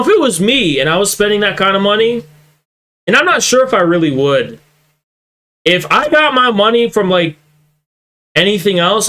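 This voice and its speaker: A high, bright-voiced young man does profane reaction commentary on his stream. He mocks what he hears and swears freely, his voice sharp and forceful as he works himself up. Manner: mocking, swearing, growing heated. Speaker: political streamer reacting to clips.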